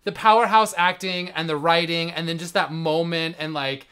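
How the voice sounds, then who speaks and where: Bright-voiced emotional podcast host man. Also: on the high side, moderate pace, clear, resonant tone. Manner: animated, emotional storyteller. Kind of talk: casual chat.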